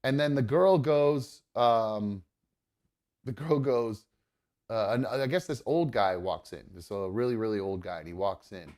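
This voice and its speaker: A man's voice: medium pitch, expressive, measured pace, darkish tone. A man hosting a live talk show, telling a story casually with lots of fillers. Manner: rambling, many fillers. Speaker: host.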